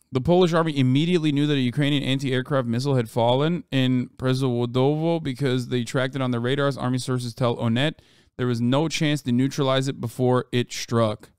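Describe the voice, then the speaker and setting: A man streaming live, reacting to news with profane, animated commentary and talking back to his chat. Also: mid-range voice, clear, resonant tone, dry recording, studio quality. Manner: reads quotes aloud quickly.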